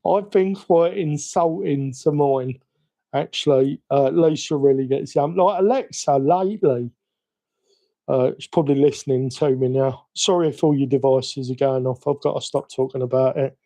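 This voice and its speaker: Chatty Cockney man, mellow voice. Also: medium pitch, normal speed. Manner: chatty, self-mocking, rambling. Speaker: hobby livestream host. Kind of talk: casual live-stream chat while working.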